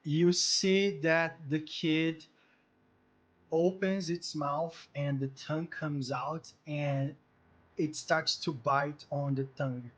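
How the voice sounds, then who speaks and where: Man narrating as game master, slightly high. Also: fairly even intonation. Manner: vivid, pausing with fillers, acts out voices. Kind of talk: narrating a tabletop game in English.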